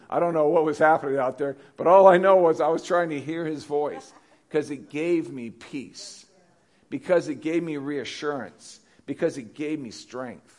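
A man's voice: fairly high pitch, fairly quick, a little mellow. A male pastor preaching a conversational sermon, often repeating questions to the congregation.

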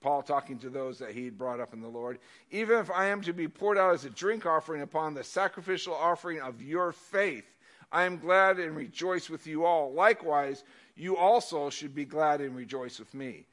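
Male preacher, high-pitched voice, casual sermon delivery, swings from loud emphasis to soft asides. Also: moderate pace.

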